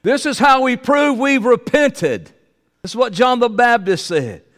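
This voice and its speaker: A male pastor, preaching a sermon and swinging between loud high exclamations and low, quiet asides. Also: animated, measured pace, in a large hall.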